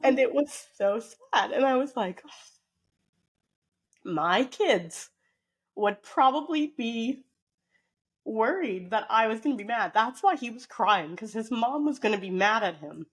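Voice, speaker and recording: A woman co-hosting a podcast, telling a story in a chatty, animated way with plenty of fillers. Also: on the high side, unhurried, long pauses, slightly rough. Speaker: podcast co-host. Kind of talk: casual storytelling chat.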